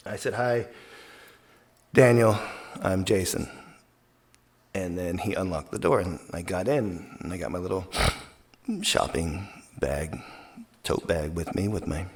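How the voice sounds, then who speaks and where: A man's voice: deep voice, normal speed. A man hosting a radio show, telling a long story in a casual, meandering monologue full of fillers.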